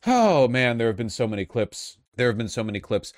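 A man's voice: mid-range voice, sing-song, a little fast, no echo, clean studio sound. A man giving casual reaction commentary on clips as a political commentator, profane and heated in his outbursts.

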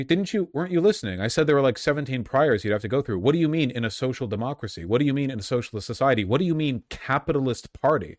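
A man's voice: mid-range voice, expressive, fast, few pauses, a little mellow, no echo. A man giving casual, rambling commentary on a debate clip, full of dry sarcastic asides and filler words. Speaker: streamer reacting to a debate clip.

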